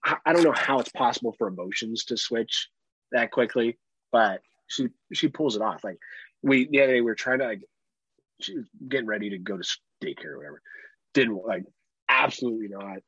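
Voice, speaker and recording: Profane, husky-voiced dad on a podcast. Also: male voice, mid-range voice, fairly quick, no echo, dull audio. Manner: profane, animated storytelling. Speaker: podcast co-host. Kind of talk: casual chat.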